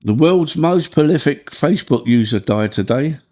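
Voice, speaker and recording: A man's voice: on the high side, expressive, moderate pace, darkish tone. A middle-aged man with a Cockney accent, co-hosting a casual podcast with his son and answering in short, agreeable replies. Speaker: co-host, father.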